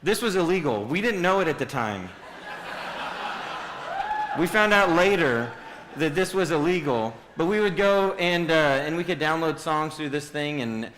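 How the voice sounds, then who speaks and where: A youth speaker in his thirties delivers a relaxed sermon in a big hall before an audience, joking and putting questions to them. He speaks at a normal speed in a fairly high, expressive, fairly bright voice, with long hall reverb and a little hiss or hum.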